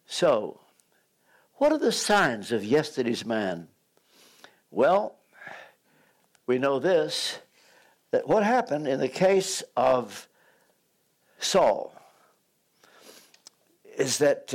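A man's voice: mid-range voice, big pitch swings, takes it slowly, pauses often. An older man preaching a sermon, telling stories, acting out voices and joking when he loses his place. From United States.

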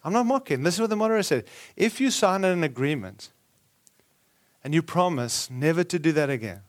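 A man with a high voice delivers a sermon as a lively story. He acts out quoted lines and often breaks off to correct himself or add an aside. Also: brisk. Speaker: preacher.

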